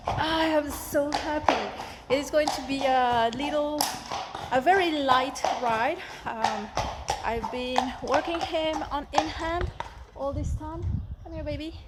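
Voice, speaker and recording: A woman chatting excitedly and giggling while riding her horse outdoors, holding the camera. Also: sits high, takes it slowly, heavy background noise. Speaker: riding coach vlogger. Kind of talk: casual vlog. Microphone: handheld camera.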